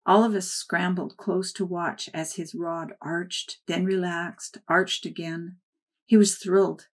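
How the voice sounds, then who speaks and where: Woman narrator, lowish voice, soft and measured memoir reading. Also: fairly even intonation, slightly rough. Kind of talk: first-person memoir read aloud.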